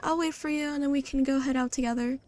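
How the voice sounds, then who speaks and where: A woman's voice: high voice, fairly even intonation, quick pace, a little mellow, close to an everyday voice. A woman voicing a friendly young man in a life-sim game story, talking in a casual way.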